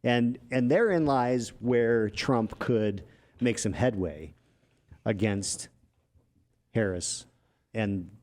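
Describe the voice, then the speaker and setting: A man's voice: lowish voice, slow pace, long pauses, a little mellow. A man co-hosting a casual political talk show who has made political ads, analytical with wry asides. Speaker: podcast co-host, political ad maker.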